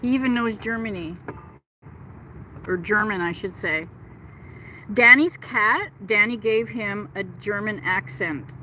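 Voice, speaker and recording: Middle-aged woman hosting a livestream, chatty and gushing; keen, bright, slightly high voice; outdoors on a handheld phone, faint noise behind. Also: unhurried, pauses often, poor audio. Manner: chatty and gushing, reads out and answers chat. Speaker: livestream host. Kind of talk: casual live chat with viewers. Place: outdoors in a park.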